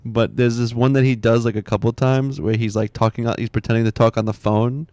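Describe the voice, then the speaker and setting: A man's voice: medium pitch, steady tone, fairly quick, darkish tone, no room sound. A man in his thirties chatting casually while streaming a game, rambling, laughing often and muttering to himself.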